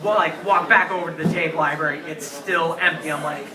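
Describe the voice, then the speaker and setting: A young man in his twenties tells a rambling, earnest story sprinkled with "like" at a live show in a crowded bar. His voice is fairly high, fairly even in intonation, and fairly quick. A distant handheld camera captures it from afar, so the sound is roomy, with background noise and crowd chatter.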